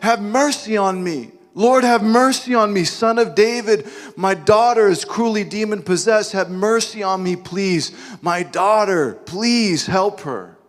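A broken, desperate mother crying out for mercy, as a male preacher puts her on. She begs and pleads at a raised pitch. The voice rings out with a long hall reverb. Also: a little slow, few pauses. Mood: desperate pleading. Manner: crying out, begging.

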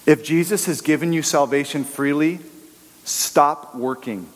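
A man's voice: on the high side, a little slow, big-room sound. A male preacher giving a conversational, emphatic sermon who acts out the voices he quotes.

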